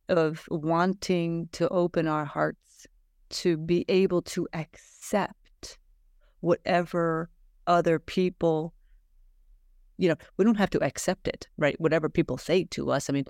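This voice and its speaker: A woman's voice: fairly low pitch, steady tone, unhurried, darkish tone, no echo. Earnest middle-aged woman host, dry close sound. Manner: earnest, emphatic, spiritual encouragement. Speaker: podcast host. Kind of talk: heartfelt conversation.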